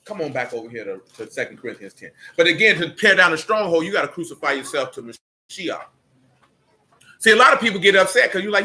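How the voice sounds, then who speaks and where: A man's voice: a little high, big pitch swings, quick pace, pushed and bright. A man preaching a sermon, emphatic and blunt, with street slang and mocking asides.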